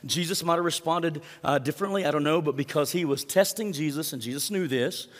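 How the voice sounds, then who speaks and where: A man's voice: fairly high pitch, brisk, fairly bright tone, long reverb tail. A male pastor preaching a sermon in a conversational way, often putting direct questions to the congregation.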